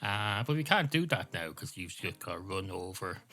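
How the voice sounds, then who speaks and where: A man's voice: deep voice, sing-song, moderate pace, pushed and bright, full character voice. A man voicing a fussy male talking cat who questions everything, in a comic story. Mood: exasperated. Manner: questioning, a bit peevish.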